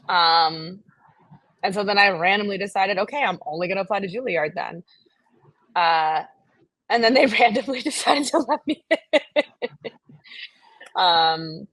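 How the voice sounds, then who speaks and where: A woman's voice: lowish voice, no room sound. Chatty young woman playwright, dry sound. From New Jersey. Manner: animated, chatty, many fillers and laughs. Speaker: playwright guest. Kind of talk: casual storytelling interview.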